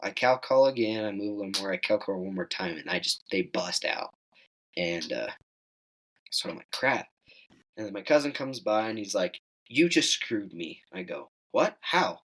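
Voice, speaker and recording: A man's voice: a little fast, rough recording. A teenage young man telling a hunting story in casual chat, acting out the quoted lines in a raised voice. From Wyoming. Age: teens. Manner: animated, acts out quoted dialogue in higher voice. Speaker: guest hunter.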